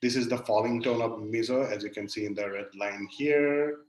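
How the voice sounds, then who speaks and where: A man giving an academic webinar lecture, explaining step by step with many pauses and fillers. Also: mid-range voice, fairly even intonation. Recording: echoey room.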